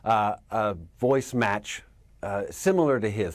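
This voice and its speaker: A man, an actor, answering interview questions in an animated way, laughing often and dropping into character voices. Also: fairly low pitch, unhurried, dry recording, studio quality.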